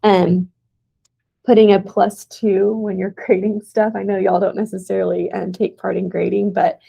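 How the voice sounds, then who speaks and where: A woman's voice: medium pitch, flat delivery, moderate pace, vocal fry, warm tone, slightly rough, rough recording. A young woman teacher giving a casual presentation to teaching aides, with plenty of "um"s along the way. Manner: casual, with many "um"s and "y'all".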